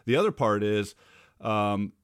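Man from oregon, podcast co-host, hesitant, thinking aloud, lowish voice, dry sound. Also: animated, a little slow, clean tone, dry recording. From Oregon, United States. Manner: hesitant, thinks aloud with many fillers and restarts. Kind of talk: casual conversation.

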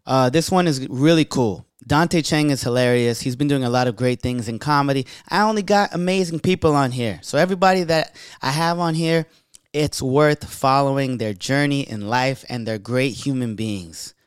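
A man's voice: mid-range voice, moderate pace, clear, resonant tone, no room sound, clean studio sound. A young adult man hosting a podcast, talking in an upbeat, hyped way and swearing freely. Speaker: podcast host. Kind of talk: casual podcast intro.

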